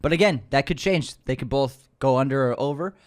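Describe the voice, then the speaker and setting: A man co-hosting a movie news podcast, chatting casually and making quick joking asides. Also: medium pitch. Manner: jokey, laughs often, quick asides. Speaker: podcast co-host.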